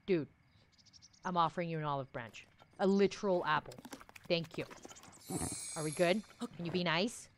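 A woman's voice: on the low side, big pitch swings, slow, pauses often, background noise. A young woman live-streaming a video game, chatting with viewers and scolding her horse, laughing often. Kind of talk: casual live-stream chat.

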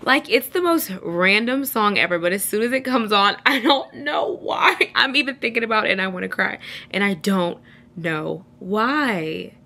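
Bright-voiced chatty young woman. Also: medium pitch, moderate pace, creaky. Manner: chatty and expressive, laughs often, swears casually. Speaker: vlogger. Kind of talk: casual vlog chat.

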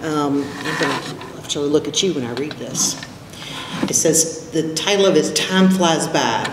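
A middle-aged mother with a low voice recites a poem to her daughter in a measured, tender way. She is heard from a distance, her words ringing in the long echo of a large hall over faint room noise. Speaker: parent reading a poem to her child. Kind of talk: reading a poem aloud at a ceremony. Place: large hall at a school event. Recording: echoey hall, mic from far off.

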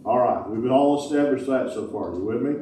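A man's voice: medium pitch, brisk, noisy background. Folksy preacher man in an echoey church. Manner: folksy, joking preacher with Southern-style grammar. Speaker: pastor. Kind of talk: sermon. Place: large church sanctuary. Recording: echoey hall, distant mic.

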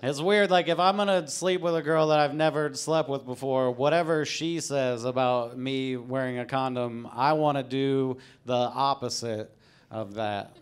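A man's voice: mid-range voice, steady tone, a little slow, clear, resonant tone. A man performing a live stand-up comedy set on stage, talking in an offhand, dry way and breaking into silly voices. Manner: offhand, dry delivery broken by sudden silly put-on voices. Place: comedy stage before a live studio audience. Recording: audience laughter behind. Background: crowd laughing.

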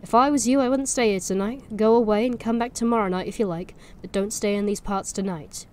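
A woman's voice: medium pitch, brisk, a little mellow, a little hiss or hum, close to an everyday voice. A woman voicing a chatty male village informant with a Norfolk accent, confiding warnings over ale.

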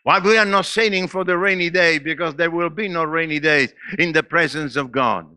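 A man in his eighties with a foreign accent preaches a sermon, and his voice is bright and forceful. It sits a little high and sounds dry and close. He laughs now and then and swings between loud and quiet. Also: moderate pace, clean tone, no echo. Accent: non-native English. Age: 80s. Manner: preaching with laughs and sudden swings in pitch and loudness. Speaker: pastor. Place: church.

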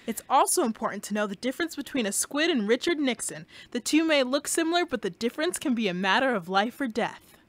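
A woman's voice: a little high, animated, fast, hardly any pauses, dry recording, close to an everyday voice. A woman playing a wry, dry-humored guest in a college radio comedy sketch.

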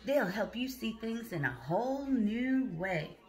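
Woman voices a cool picture-book cat, easygoing, unhurried. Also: a little high, sing-song, soft background music. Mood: friendly. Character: cool laid-back cat on a skateboard.

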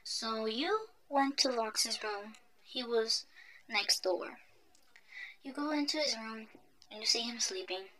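A woman narrating a listener role-play story in a soft, half-whispered ASMR manner. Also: fairly high pitch, lively intonation, takes it slowly, crowd noise, low-quality recording.

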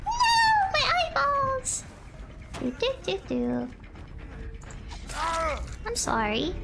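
A woman streamer commenting on a game live, sliding from creepy low murmurs into squeals and laughter. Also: big pitch swings, takes it slowly, vocal fry, pauses often.

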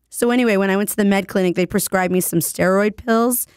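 A woman DJ hosting her podcast while sick, her voice hoarse and raspy, chatting playfully and joking about herself. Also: medium pitch, moderate pace, dry recording, clean studio sound. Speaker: radio DJ and podcast host. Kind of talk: casual solo podcast chat.

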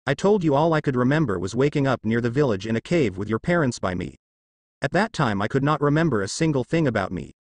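A man voicing a guarded, bitter young man in a fan story, read in a flat, even way. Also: mid-range voice, no echo.

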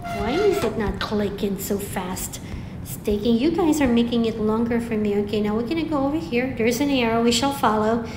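A woman giving chatty, excitable commentary while playing a game, talking to herself and her viewers. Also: a little high, normal speed, noisy background. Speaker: gameplay streamer. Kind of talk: live gameplay commentary. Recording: echoey room with long reverb.

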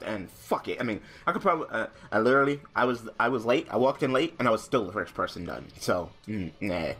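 A young man hosts a gaming channel, offering casual commentary on his play in a fairly low voice. He swears and rants in exasperation, veering from mumbled asides to loud outbursts.

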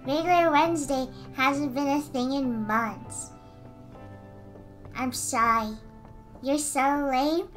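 A woman streaming casually while she draws, answering chat, giggly and given to excited squeals. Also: sits high, slow, long pauses, faint music behind. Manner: responds to chat messages.

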